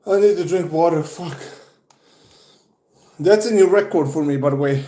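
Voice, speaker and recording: A man's voice: a little high, normal speed, mellow, reverberant. A young man from Serbia chatting casually on a livestream, out of breath after push-ups and swearing often. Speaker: streamer.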